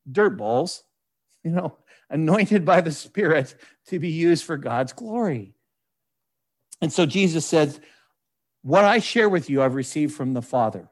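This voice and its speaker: Man, pastor, folksy sermon, chatty asides, slightly high voice. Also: a little mellow. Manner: conversational, folksy, frequent "you know" asides; reads scripture aloud in measured voice.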